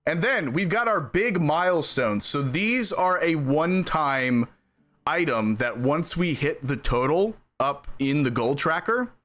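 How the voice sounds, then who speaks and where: Lively, chatty male streamer. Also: fairly high pitch, a little slow. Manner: animated, chatty, laughs between sentences. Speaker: game streamer. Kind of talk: casual live-stream chat with viewers.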